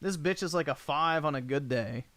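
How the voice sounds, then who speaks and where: A man's voice: on the high side, normal speed, fairly bright tone, no room sound. Blunt, profane man on stream. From United States. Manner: blunt, crude and profane, offhand. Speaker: livestream host. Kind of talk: casual livestream chat reading comments.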